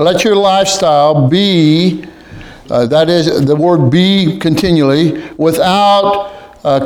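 A man leading a group Bible study in a room with others present, halting, with many restarts and frequent throat clearing. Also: on the high side, a little mellow.

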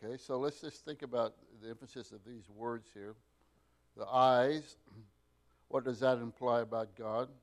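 A man teaching a Bible class, pausing often with fillers and restarts and getting loud to stress key words. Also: mid-range voice, fairly even intonation. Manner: unhurried, with many fillers and restarts, rising loud for emphasis.

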